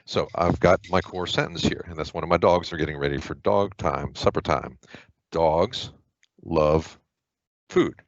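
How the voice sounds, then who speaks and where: A deep-voiced man talks through a grammar lesson like a relaxed tutor, loose and informal with plenty of fillers and asides. His voice sits very low, and the recording is dry, close and a little muffled. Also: dry recording. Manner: chatty and informal, with filler words and quick asides. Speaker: test prep tutor. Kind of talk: casual explanatory lesson.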